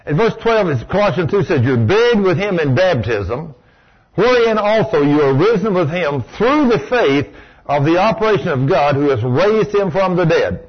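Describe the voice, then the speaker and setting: A preacher with a high, husky voice delivers a folksy, emphatic sermon. He acts out the voices of the people he quotes. The recording sounds dull and lo-fi. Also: expressive, normal speed.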